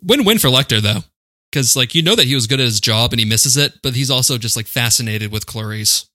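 A man with a mid-pitched, bright and forceful voice sums up a film for his co-hosts. The sound is close and dry. His tone is blunt and profane, with casual fillers throughout. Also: expressive, fairly quick, dry recording. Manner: recaps the plot, dry and profane. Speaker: podcast co-host. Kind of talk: casual film-discussion chat.

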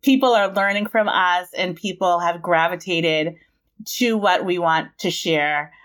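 A young woman co-hosting a podcast in casual chat, animated and playful, laughing often. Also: fairly low pitch, a little slow. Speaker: podcast co-host.

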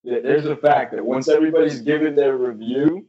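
A man's voice: mid-range voice, a little fast, highs cut off, crowd noise. A man co-hosting a podcast, telling a story with giggles and hesitations. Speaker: podcast co-host. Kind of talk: casual chat.

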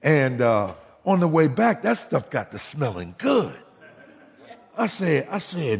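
Male pastor, gravelly husky voice, animated storytelling, echoing church hall. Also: a little high, slow pace. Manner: animated, rises to near shouting in stories. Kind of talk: sermon storytelling.

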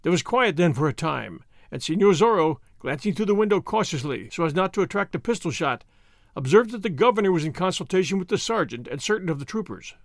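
A man hosting and reading an audiobook with expressive, measured storytelling. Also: high voice, no room sound, clean studio sound. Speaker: host and audiobook reader. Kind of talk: audiobook narration.

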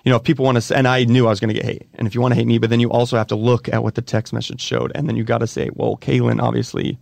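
Fast-talking, gravelly man, close dry mic. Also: medium pitch, level tone, darkish tone, dry recording. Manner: emotional, halting and repeating himself. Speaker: interview guest. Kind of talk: candid conversation.

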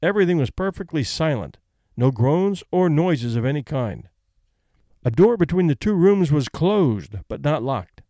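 Man reading aloud with a lively, rising and falling voice. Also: on the high side, moderate pace, no room sound, studio quality. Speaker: audiobook reader. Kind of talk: scripted narration.

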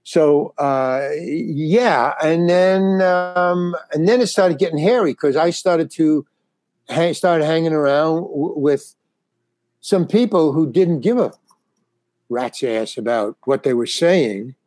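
A man's voice: a little high, slow pace, darkish tone, dry recording. An older man, a comedian, telling stories in a casual interview, rambling with restarts. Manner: rambling, restarts, acts out quoted dialogue. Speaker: comedian guest.

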